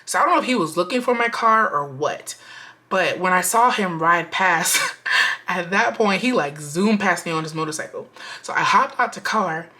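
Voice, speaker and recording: Young woman, lowish bright voice, chatty storytime vlogger, slangy and animated. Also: normal speed. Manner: animated, slangy, lots of "like" and "y'all". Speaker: budgeting vlogger.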